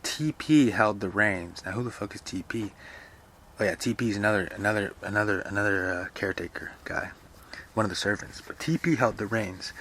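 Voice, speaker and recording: Casual man explaining a novel, low voice. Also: brisk, sharp tone, a little hiss or hum. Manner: casual, profane, explanatory asides. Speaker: reader and explainer. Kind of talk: casual literature lecture with reading aloud.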